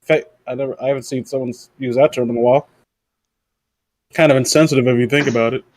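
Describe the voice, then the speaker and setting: A man hosting a casual podcast, reading aloud haltingly and joking around. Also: mid-range voice, fairly even intonation, a little mellow, no room sound. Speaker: podcast host.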